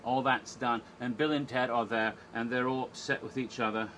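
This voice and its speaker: Guy rambling through a show recap, excited, full of uhs, faint hiss behind. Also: medium pitch, normal speed. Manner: rambling, enthusiastic retelling with frequent fillers. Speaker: theme park event historian. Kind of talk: casual narrated recap.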